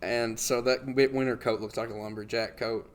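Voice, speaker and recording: Young man telling a lively anecdote. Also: mid-range voice, normal speed. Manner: animated anecdote telling, laughs often. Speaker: podcast host. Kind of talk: casual storytelling.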